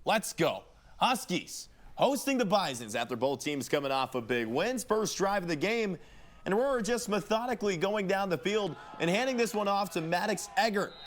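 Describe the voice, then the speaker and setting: Man, sports highlights anchor, energetic, joking, fairly high voice. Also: a little hiss or hum. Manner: energetic, joking, punchy play-by-play calls. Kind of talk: high school football highlights commentary.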